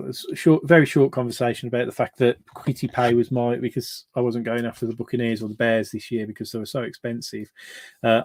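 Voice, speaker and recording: Male host, casual card-break patter, halting fillers, dry room. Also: mid-range voice, a little mellow, no echo. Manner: chatty, hesitant, lots of fillers and restarts.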